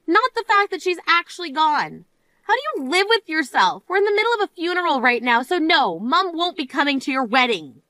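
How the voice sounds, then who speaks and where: A woman's voice: high voice, big pitch swings, a little fast, bright, forceful tone, no room sound, exaggerated voice. A woman voicing Rita, a scolding grieving sister. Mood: furious. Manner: reproachful, exasperated, scolding. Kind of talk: dramatized story voice acting.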